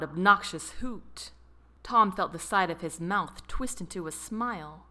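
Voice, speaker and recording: A woman narrating an audiobook in a slow, expressive storytelling manner. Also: medium pitch. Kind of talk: scripted narration.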